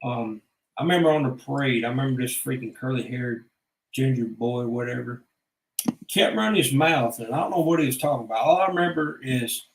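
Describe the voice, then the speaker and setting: A man's voice: mid-range voice, expressive, brisk, a little hiss or hum. A man, telling stories from his life in a blunt, rambling, profane way. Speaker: vlogger. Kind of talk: casual personal storytelling. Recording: echoey room.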